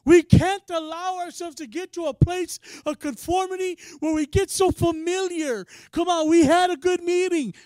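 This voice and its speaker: High-voiced passionate male preacher. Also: fairly even intonation, moderate pace, few pauses, dry recording, clean studio sound. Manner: passionate, swings from quiet to shouting; casual, says "man" often. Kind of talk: sermon.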